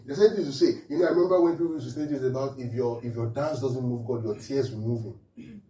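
A man's voice: mid-range voice, fast, echoey room, recorded from a distance, low-quality recording. A man preaching a humorous sermon, laughing often and checking in with his listeners. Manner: animated, laughing often, asks the audience questions.

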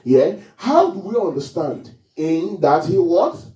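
In a sing-song, unhurried delivery, this pastor preaches with a warm, fairly high voice, regularly questioning his congregation and awaiting answers. The recording is from a distant mic in an echoey hall.

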